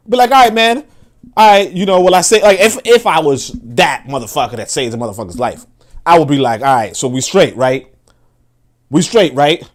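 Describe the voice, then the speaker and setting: A man hosting a casual commentary livestream, profane and laughing often, swinging between loud outbursts and low mutters while talking to his chat. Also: animated, moderate pace. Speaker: livestream host reacting to a video.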